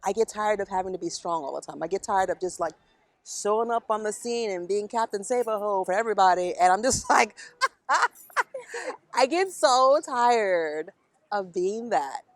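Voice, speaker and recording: Middle-aged woman, interviewee; candid, blunt, emotional; mid-pitched; dry, close sound outdoors. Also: lively intonation, normal speed, dry recording. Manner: frank, emotional, blunt with swearing. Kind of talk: candid conversation. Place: outdoors in a park.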